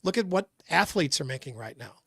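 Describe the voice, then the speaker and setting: High-voiced man stumbling through sports talk. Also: lively intonation, creaky, a bit bright, slightly rough, no room sound, clean studio sound. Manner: halting, many restarts. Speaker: co-host. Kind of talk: casual sports chat.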